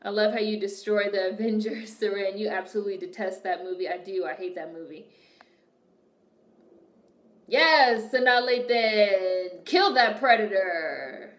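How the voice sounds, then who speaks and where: Young woman streaming, animated and sweary, mid pitch, kinda echoey room. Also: a little slow. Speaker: streamer reacting to a movie and reading chat. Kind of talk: casual chat with viewers.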